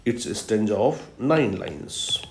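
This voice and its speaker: A man's voice: fairly low pitch, animated, vocal fry, slight background noise. Patient male literature professor, roomy sound. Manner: explains patiently, repeats key terms slowly for emphasis. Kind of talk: recorded lecture. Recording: roomy echo.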